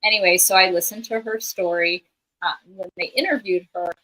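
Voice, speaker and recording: A woman guest on a livestream tells a story in a loose, rambling way, stopping often for fillers. Her voice is bright and forceful. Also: lowish voice, steady tone, normal speed, poor audio. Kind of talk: casual chat.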